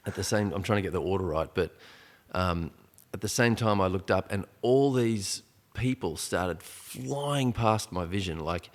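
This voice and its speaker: A man's voice: low voice, measured pace. A man around forty, a podcast guest telling a personal story in a rambling, casual way, full of restarts and fillers.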